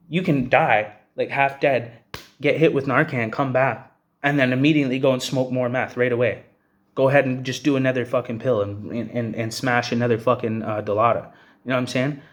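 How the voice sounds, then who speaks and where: A young man from Canada in a heated, profane rant straight to the camera. He talks bluntly and keeps tossing in "bro" and "you know what I'm saying". His voice sits at an ordinary middle pitch. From Hamilton, Ontario, Canada. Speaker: vlogger. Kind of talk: angry personal rant to camera.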